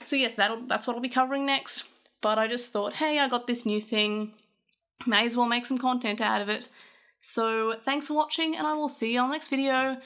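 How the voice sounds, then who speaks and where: An Australian woman vlogger with a fairly high, bright, clean voice talks at a moderate, steady pace. She chats casually through an unboxing for her vlog, rambling a bit and correcting herself as she goes.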